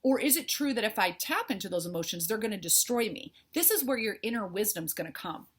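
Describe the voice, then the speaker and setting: Quick and lively in intonation, a middle-aged woman coach speaks with a medium-pitched, slightly rough voice. She shares a candid, heartfelt, faith-filled talk with her followers.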